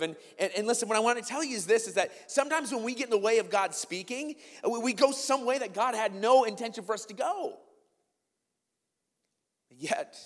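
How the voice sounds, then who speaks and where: A man preaching a sermon as pastor, swinging between loud emphasis and quiet asides. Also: fairly high pitch, in a large hall.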